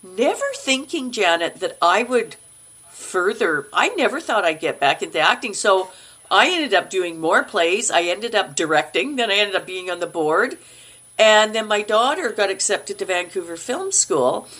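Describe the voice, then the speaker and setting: A woman's voice: moderate pace, husky. A middle-aged woman, a guest actor in a casual interview, telling a personal story and acting out the voices of the people in it. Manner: animated, acts out quoted voices with big pitch jumps.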